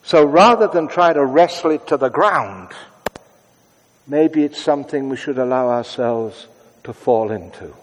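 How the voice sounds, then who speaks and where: A man preaching a sermon in a conversational way, moving between brisk asides and hushed, prayerful tones. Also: mid-range voice, lively intonation, long reverb tail.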